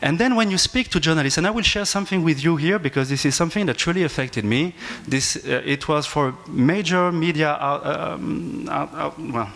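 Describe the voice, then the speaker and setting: A man's voice: fairly high pitch, normal speed, vocal fry, few pauses, a bit bright. A man with a French accent, an academic speaking at a panel discussion, hesitant with frequent restarts and fillers. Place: conference panel table.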